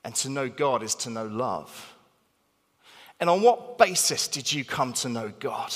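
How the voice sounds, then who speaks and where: A man preaching a sermon in a church hall, animated and emphatic, repeating phrases for stress. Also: medium pitch, unhurried. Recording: long reverb of a large hall.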